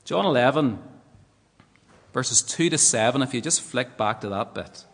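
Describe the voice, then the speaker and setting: Northern Irish preacher in a reverberant hall. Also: male voice, mid-range voice, animated, measured pace, fairly bright tone. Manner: earnest, rhetorical tag questions. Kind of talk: sermon. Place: church. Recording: long church hall reverb.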